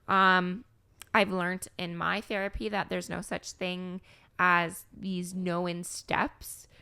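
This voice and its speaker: A young woman hosting a podcast, talking candidly and emotionally, with halting restarts and some swearing. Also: fairly low pitch, level tone, gravelly, pushed and bright, clear, resonant tone. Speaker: podcast host, grieving mother. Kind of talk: candid conversation.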